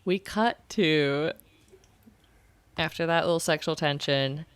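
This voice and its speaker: A young woman hosts a casual podcast chat, her voice sitting a little low. She retells scenes chattily and breaks into giggles along the way. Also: takes it slowly, clear, resonant tone. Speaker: podcast host.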